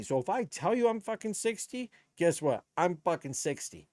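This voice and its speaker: A man's voice: high voice, big pitch swings, normal speed, hardly any pauses, darkish tone, dry recording, studio quality. A man, a DJ chatting on his live stream in a blunt, rambling, profane way. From Canada. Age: 50s. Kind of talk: casual live-stream chat.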